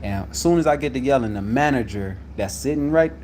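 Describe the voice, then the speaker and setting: A man telling a story about a workplace conflict, getting loud when he acts out what was said. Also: medium pitch, fairly quick, a little hiss or hum. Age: adult. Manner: animated, loud when reenacting quotes. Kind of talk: casual storytelling to viewers.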